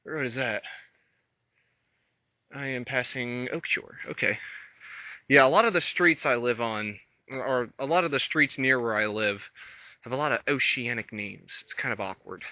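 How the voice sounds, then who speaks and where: A man in his twenties from North Carolina with a slight lisp, talking to the camera while he walks outdoors, halting and hesitant, thinking aloud. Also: mid-range voice, bright, forceful tone, no room sound, highs cut off. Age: 20s. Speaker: vlogger. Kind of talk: rambling walk-and-talk vlog. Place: outdoors on a roadside walk.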